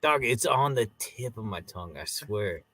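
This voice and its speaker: A man co-hosting a casual review podcast, retelling scenes in an animated way and acting out the characters. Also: on the low side, moderate pace, slightly rough, no echo, soft background music. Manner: animated storyteller, acts out scenes. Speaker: podcast co-host.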